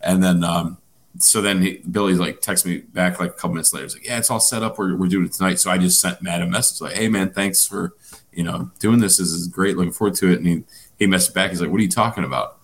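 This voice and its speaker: A man's voice: deep voice, steady tone, fast talker. A man co-hosting a podcast, telling a rambling story full of fillers and swearing in casual chat. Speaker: podcast co-host.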